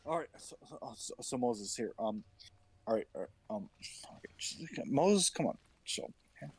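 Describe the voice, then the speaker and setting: A man's voice: medium pitch, expressive, moderate pace, a little mellow, slightly rough, dry recording, voice pushed down. A man voicing a sheepish, rambling adult male Aaron who mumbles and hesitates, filling his talk with "um" and "all right". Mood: evasive.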